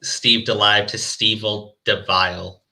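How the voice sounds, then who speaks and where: A man's voice: lowish voice, fairly even intonation, a little slow, pushed and bright. A male streamer chatting casually and mockingly reading a fan story aloud, often laughing and stumbling over his words. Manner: laughing, crude, hesitant restarts.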